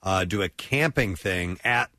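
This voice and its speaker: A man's voice: deep voice, expressive, measured pace, bright, forceful tone, no room sound, studio quality. A man co-hosting a casual talk show, asking the guest follow-up questions. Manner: curious, asks follow-up questions. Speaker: radio co-host. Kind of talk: casual interview chat.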